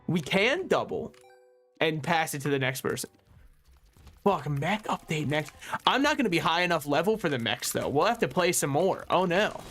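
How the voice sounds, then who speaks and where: A young man with a slightly high voice chats casually as he streams a game, joking about himself and swearing freely. Faint game music plays underneath his talk. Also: a bit bright. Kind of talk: casual gameplay commentary.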